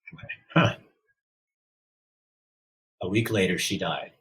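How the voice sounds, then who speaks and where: Low, husky middle-aged man. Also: fairly bright tone, poor audio. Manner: heartfelt, halting with restarts. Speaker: podcast guest. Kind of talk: candid personal storytelling.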